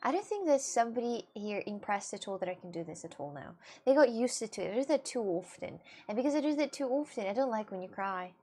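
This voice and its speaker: A woman's voice: fairly high pitch, animated, quick pace, hardly any pauses, warm tone, slightly rough. A woman chatting casually with her livestream viewers, rambling and giggling as she answers them. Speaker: streamer.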